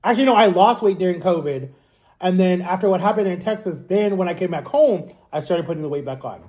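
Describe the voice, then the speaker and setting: Candid man rambling in a warm, relaxed voice. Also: high-pitched, quick pace. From Florida. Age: 30s. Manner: rambling and candid, self-correcting. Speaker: vlogger. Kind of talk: casual storytelling to camera. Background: eating on camera.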